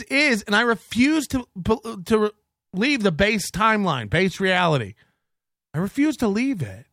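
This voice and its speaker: A man's voice: high voice, bright, forceful tone, no room sound, clean studio sound. A middle-aged man hosting a podcast, ranting in a profane, mocking, rambling way. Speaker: podcast host. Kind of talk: casual rant reading chats.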